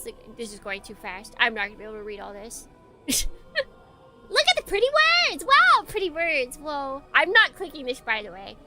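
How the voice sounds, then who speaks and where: Woman streamer, bright and higher-pitched, giggly, slips into hushed dramatic narration, faint music under her voice. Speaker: streamer reading a visual novel aloud. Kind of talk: let's play commentary and dramatic reading.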